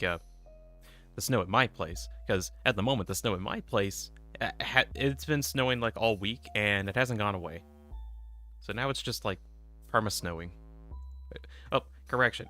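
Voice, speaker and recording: Male game streamer, home desk mic, rambling casual banter, low pitch, bright edge. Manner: rambling, filler-heavy, laid-back. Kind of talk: casual live-stream chat.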